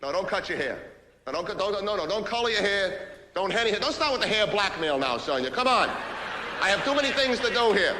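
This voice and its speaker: An actor playing a pushy, sarcastic New executive. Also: male voice, high-pitched, sing-song, background noise. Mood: placating. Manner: barking, sarcastic, rapid-fire phone rant. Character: loud, pushy, self-pitying male business executive. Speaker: stage actor in a one-man play. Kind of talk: stage monologue. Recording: echoey hall with long reverb, faint ambience.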